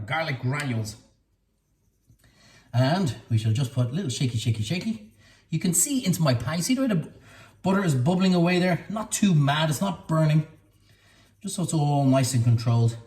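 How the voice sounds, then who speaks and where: Irish male cooking host, fairly high and very lively voice, chatty and playful, faint sizzling behind. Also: a little hiss or hum. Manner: chatty, playful, repeats words in a sing-song way. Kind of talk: casual cooking demonstration. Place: kitchen.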